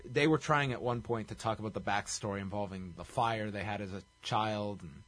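A man's voice: on the low side, brisk, fairly bright tone, no echo. A man co-hosting a podcast, wryly recapping a show from his notes in clipped bursts. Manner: wry, running through notes in clipped bursts. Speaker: podcast co-host. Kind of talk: casual recap chat.

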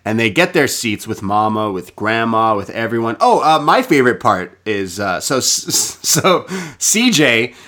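A man's voice: medium pitch, very animated, normal speed, few pauses, sharp tone. A man co-hosting a casual podcast, recapping a movie in a rambling way, often laughing. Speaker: podcast co-host.

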